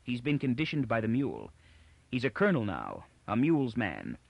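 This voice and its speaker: A man's voice: mid-range voice, huge pitch swings, normal speed, gravelly, no echo, muffled recording, heavily acted. A man voicing a plain, terse young husband. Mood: matter-of-fact.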